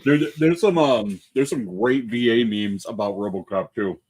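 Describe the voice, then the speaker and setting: A man's voice: on the low side, moderate pace, a little mellow. A man co-hosting a casual veterans' talk show, telling profane barracks stories and doing the voices in them. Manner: profane, anecdotal, acts out quoted voices. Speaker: co-host. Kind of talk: casual bar chat.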